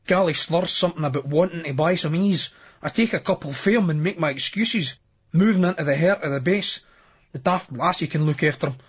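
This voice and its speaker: A Scottish man reading a novel aloud in first person, brisk and earthy, with plenty of swearing. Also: a little high, breathy edge. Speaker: audiobook narrator. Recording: dull lo-fi remastered audiobook.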